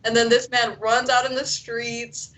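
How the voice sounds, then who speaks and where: A woman's voice: on the high side, little pitch movement, fairly bright tone, a little hiss or hum, rough recording. Woman podcast guest, casual and slangy, calling in over a video call. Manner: laid-back, slangy, quick laughs.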